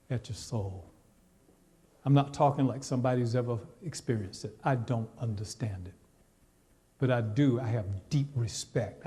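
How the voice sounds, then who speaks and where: A man's voice: mid-range voice, dark tone, slightly rough. A male pastor preaching a sermon in a church sanctuary, talking straight to the congregation in a conversational, teasing way. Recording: long reverb of a church hall.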